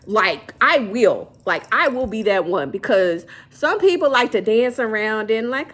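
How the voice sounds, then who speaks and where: A woman's voice: a little high, sing-song, measured pace, hardly any pauses, a bit bright. A woman giving a tarot card reading straight to camera, blunt and motherly, dishing out tough love and calling the listener baby. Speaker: tarot reader, channel host.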